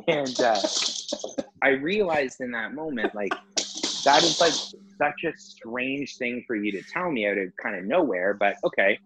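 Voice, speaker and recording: A man telling a story in casual chat with friends, animated, laughing and swearing often. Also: medium pitch, a little slow, a little hiss or hum, poor audio.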